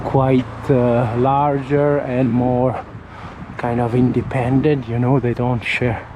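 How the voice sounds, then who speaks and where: A man from Italy with an Italian accent, chatting casually on a walking vlog and often pausing to search for words, talking into a camera outdoors on a windy street. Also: mid-range voice, flat delivery, lo-fi sound. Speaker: vlogger. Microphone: camera mic held near the face. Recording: faint wind and traffic noise outdoors.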